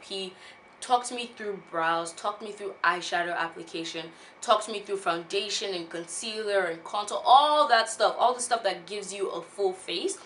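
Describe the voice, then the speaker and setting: A woman in her twenties, a beauty vlogger, telling a personal story in a casual, animated way. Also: medium pitch, a little hiss or hum. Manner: animated, laughs often while telling.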